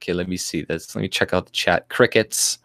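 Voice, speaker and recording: Low-voiced man ranting on a stream. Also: fairly even intonation, fairly quick, fairly bright tone, dry recording, studio quality. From Canada. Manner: rambling, profane, with frequent restarts and mocking mimicry. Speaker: livestream host. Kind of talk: casual political livestream rant. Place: home room.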